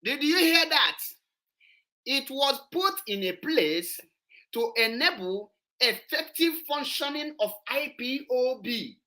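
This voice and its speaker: A woman's voice: sits high, animated, takes it slowly, pushed and bright. A woman, hosting an online show and commenting on a played clip, emphatic and repetitive. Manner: emphatic, repetitive, switches into Igbo.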